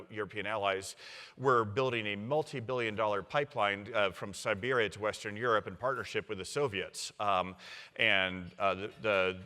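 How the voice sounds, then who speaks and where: A man with a lowish, bright and forceful voice recounts history in lively, conversational fashion. He slips into the voices of the leaders he quotes and fills his speech with ums and you-knows. The sound carries a long hall reverb. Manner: animated storyteller, acts out quoted leaders, many fillers. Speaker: university provost, guest speaker. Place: symposium stage in a large hall.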